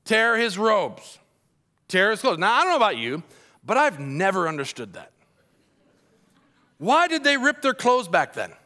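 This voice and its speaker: Speaking in a high voice at a measured pace with long pauses, a male pastor preaches. He narrates the story playfully and with energy, turning straight to his congregation.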